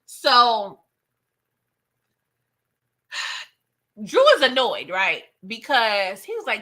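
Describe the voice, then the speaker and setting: A woman's voice: fairly high pitch, big pitch swings, extremely slow, long pauses, sharp tone. A woman hosting a live recap of a TV episode, talking in casual, slangy chat with plenty of laughs and playful sass. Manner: slangy, laughs often, playful sass, acts out quoted dialogue. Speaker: TV recap host.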